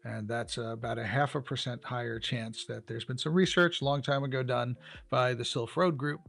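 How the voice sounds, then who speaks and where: A man co-hosting a casual game news chat, talking in a halting way with many fillers and restarts. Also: medium pitch, fairly even intonation, creaky, fairly bright tone. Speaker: co-host.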